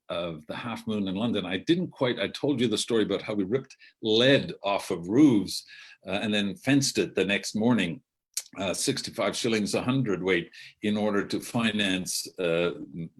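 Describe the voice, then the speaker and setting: Older man, very deep voice, rambling anecdotal storytelling, meandering asides. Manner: meandering, with many self-corrections and asides. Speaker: outgoing theatre artistic director.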